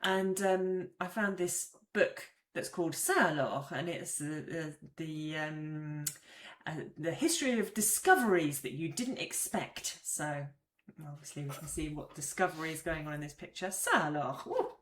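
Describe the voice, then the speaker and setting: A woman's voice: low-pitched, normal speed. Chatty woman teaching, roomy sound. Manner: chatty, explanatory, acts out example phrases. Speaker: French language teacher. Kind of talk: casual video lesson.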